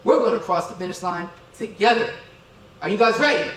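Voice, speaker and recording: A middle-aged keynote speaker gives an energetic motivational talk in an event hall set with tables and chairs. Speaking high and fairly quick, he calls for crowd responses, counts out dance moves and keeps asking "okay?", his voice distant in the echoey hall.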